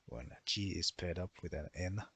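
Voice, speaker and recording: Very deep-voiced man explaining methodically. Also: moderate pace, a bit bright, breathy edge. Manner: methodical, listing one example after another. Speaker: language explainer. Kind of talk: explanatory voice-over lesson.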